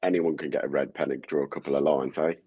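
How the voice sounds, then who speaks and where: A man's voice: very deep voice, steady tone, fast talker, husky, no room sound, highs cut off. A man, a guest fan joining by video call, talking football in a blunt, matey way. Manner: blunt, matey, says "mate" often. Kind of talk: casual football chat.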